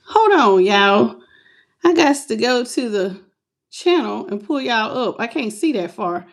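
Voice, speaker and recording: Middle-aged woman, tarot live-stream host, breathless, casual and affectionate, a bit high-pitched. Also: big pitch swings, measured pace. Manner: chatty, affectionate, calls viewers "baby" and "y'all".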